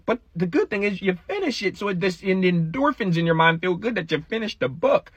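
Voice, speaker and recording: A chatty man talking straight to his viewers, slightly husky and rough-edged. His animated asides sound dull and lo-fi, dry and close to the mic. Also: high voice, brisk, no room sound. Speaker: vlogger. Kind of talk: casual read-aloud vlog.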